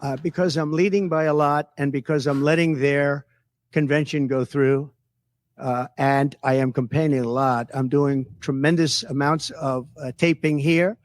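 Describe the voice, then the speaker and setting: A man fielding reporters' questions at a press conference, boasting and repeating his points with heavy emphasis. His voice sits a little high for a man. The sound is dry and close. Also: fairly even intonation, normal speed, dry recording. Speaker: political candidate at a press conference.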